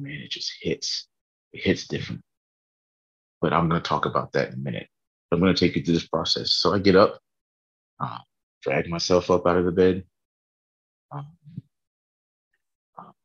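A man's voice: sits low, animated, moderate pace, pauses often, fairly bright tone, husky, highs cut off. A tired man in a casual faith vlog, earnestly rambling about his morning prayer from his bedroom. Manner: earnest, rambling, laughs at himself.

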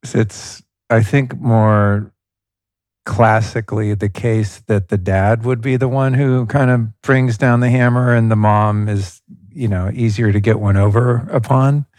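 A man hosting a podcast interview, asking measured, thoughtful questions. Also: lowish voice, steady tone, darkish tone, dry recording. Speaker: podcast host. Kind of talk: interview questions, casual chat.

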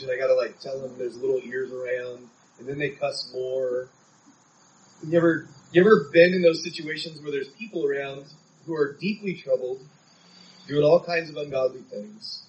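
A man's voice: mid-range voice, recorded from a distance, a little hiss or hum, poor audio. A man preaching a sermon in an earnest, conversational way, from San Diego.

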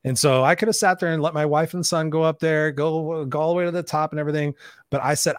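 A man's voice: on the high side, steady tone, quick pace, no room sound, studio quality. A man hosting a motivational interview as a life coach, talking emphatically and punchily and swearing freely.

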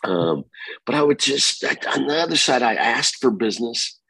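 A middle-aged man, a real estate company founder, being interviewed, telling energetic stories and acting out what people said. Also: medium pitch, normal speed, vocal fry, breathy edge, no echo, poor audio. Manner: energetic storyteller, quotes himself and others. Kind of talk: conversational interview.

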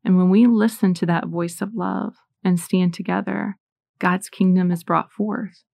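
Woman in her forties, Catholic speaker, earnest storyteller, low gravelly voice, dry close sound. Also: steady tone, a little slow, darkish tone, dry recording. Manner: earnest storytelling, reads scripture aloud. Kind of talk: faith talk with personal stories.

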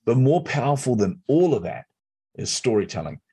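A middle-aged man telling a personal story as an interview guest, animated and competitive. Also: medium pitch, normal speed, breathy edge. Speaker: guest, speaker and entrepreneur.

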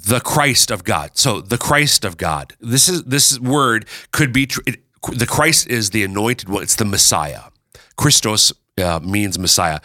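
A man hosting a casual chat, explaining Bible readings with lively, playful asides. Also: medium pitch, dry recording, clean studio sound. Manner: lively, animated, breaks into playful character voices. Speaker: podcast host explaining scripture.

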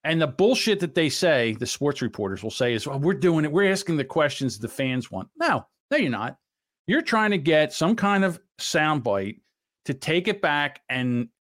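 A man hosting a podcast in casual chat, rambling and blunt, swearing freely. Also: mid-range voice. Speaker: podcast host.

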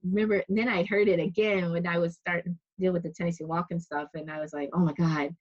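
A woman's voice: fairly low pitch, level tone, quick pace. A woman telling stories in a casual conversation, chatty, full of restarts and "like", often laughing. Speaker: interviewee. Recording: dull lo-fi recording.

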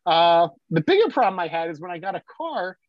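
A man's voice: high voice, big pitch swings, a little fast, no room sound, muffled recording. A man from South Jersey, a podcast guest, telling stories in a rambling way full of fillers. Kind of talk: casual storytelling.

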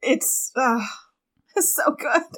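A woman's voice: sits high, extremely slow, fairly bright tone. A woman co-hosting a book chat, talking casually about a romance novel, laughing often and quoting characters. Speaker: book podcast co-host.

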